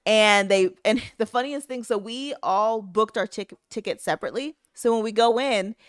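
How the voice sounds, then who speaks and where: This woman co-hosts a podcast, chatting casually and recounting stories with lots of energy and frequent laughter. Her fairly high voice moves at a moderate clip, captured in a clean, dry studio recording.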